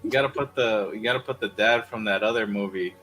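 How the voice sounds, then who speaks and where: A man's voice: lowish voice, quick pace, sharp tone, soft background music, low-quality recording. Laid-back man with dry quips. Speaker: podcast co-host. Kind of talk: casual movie-review banter.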